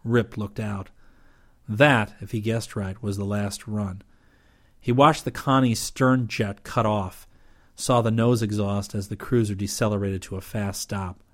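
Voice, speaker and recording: Guy reading a sci-fi audiobook, lowish voice, steady even storytelling. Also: measured pace. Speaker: narrator. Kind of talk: audiobook narration.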